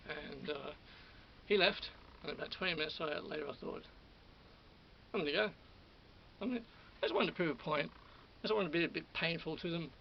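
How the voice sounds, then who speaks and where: A man's voice: a little high, creaky. A man telling a rambling personal story to camera, still worked up on adrenaline and quoting others as he goes, with lots of repeats and restarts. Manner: repetitive, restarts often, quotes others. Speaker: vlogger. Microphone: camera or phone mic. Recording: lo-fi audio with faint hiss.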